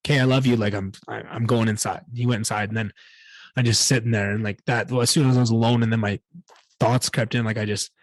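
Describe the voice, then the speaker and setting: A man's voice: fairly low pitch, fairly even intonation, fast, no room sound. A man hosting a solo podcast, telling a candid personal story in a rambling way and swearing often. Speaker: podcast host.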